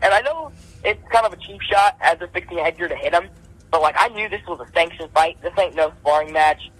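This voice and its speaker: A young man with a slightly high voice recounts a fight in casual podcast talk. He tells it with animated energy, punching out "boom" after "boom" to act out his combinations. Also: fairly quick, breathy edge, no echo, low-quality recording. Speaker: amateur boxer telling his story.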